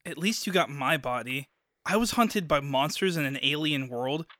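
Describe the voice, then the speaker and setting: A woman's voice: deep voice, normal speed, fairly bright tone, dry recording, studio quality. A woman in an audio drama, playing a sarcastic woman stuck in a man's body. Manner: sarcastic, wry.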